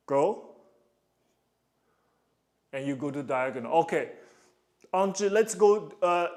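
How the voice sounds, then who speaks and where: A man coaching a ballet student, counting rhythm aloud and explaining the character. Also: high voice. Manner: counts rhythm aloud, sings da da cues, loud encouraging calls; explanatory, asks "you understand?". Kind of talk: live coaching session.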